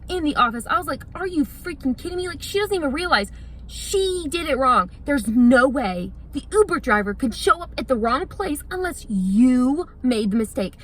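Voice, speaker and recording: A woman's voice: sits high, a bit bright, poor audio. A young woman venting to the camera in a frustrated, rambling way, full of "like" fillers. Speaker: vlogger.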